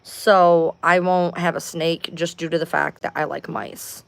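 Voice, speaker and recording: A woman with a fairly low voice chats casually to her viewers on a home livestream. She rambles, curses freely and sounds fed up. She seems to be talking into a webcam or phone. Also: fairly even intonation, a little slow, gravelly, clear, resonant tone, dry recording. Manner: rambling, profane, exasperated. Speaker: livestream host.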